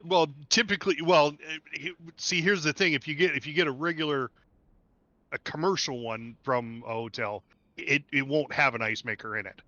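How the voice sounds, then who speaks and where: A man's voice: fairly high pitch, normal speed, pushed and bright, no echo, dull audio. A man hosting a game stream, chatting casually, laughing often and repeating himself. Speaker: stream host. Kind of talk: casual chat while gaming.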